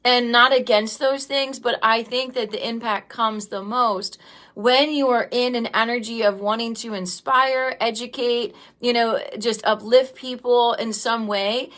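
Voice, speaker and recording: A woman's voice: on the high side, fairly even intonation, unhurried, fairly bright tone. A woman in her thirties hosting a livestream, talking casually and with feeling, filling her speech with "um" and "like" while tearful and greeting viewers by name. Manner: rambling, heartfelt, many "um" and "like" fillers. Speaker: livestream host and business coach.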